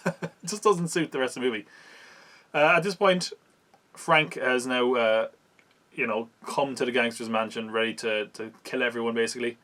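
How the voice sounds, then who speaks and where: A man's voice: medium pitch, moderate pace, long pauses, pushed and bright. A man, hosting a podcast and recapping a film in casual, wry chat, laughing at it as he goes. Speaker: podcast host reviewing a film.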